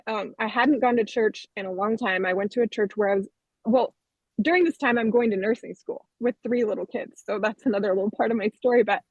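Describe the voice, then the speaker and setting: A woman tells her own story as a podcast guest, candid and earnest. Her voice sits at an ordinary middle pitch. The recording is dry and a little muffled. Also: dry recording. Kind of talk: personal testimony in an interview. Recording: dull, dry lo-fi sound.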